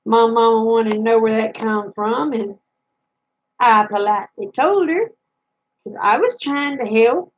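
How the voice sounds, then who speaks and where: A woman's voice: fairly high pitch, a little slow, lo-fi sound. A woman vlogger telling funny stories from her childhood in a folksy, chatty way. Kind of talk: casual storytelling.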